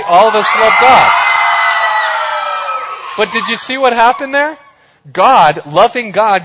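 A man preaching a sermon, emphatic, slowing down for scripture and turning loud and playful with his audience. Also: a little high. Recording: echoey hall, dull sound.

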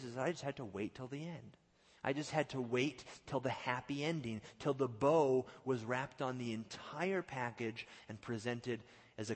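A male pastor preaching a sermon, swinging from loud outbursts to hushed, drawn-out lines and acting out the quotes. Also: mid-range voice. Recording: long hall reverb.

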